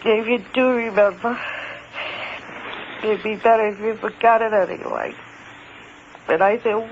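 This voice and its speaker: A man with a high voice recounts an encounter in the first person, stumbling and repeating himself before pressing his points hard. The recording is dull and lo-fi, with a faint hiss underneath. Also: fairly even intonation. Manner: hesitant, halting, repeats words, grows emphatic.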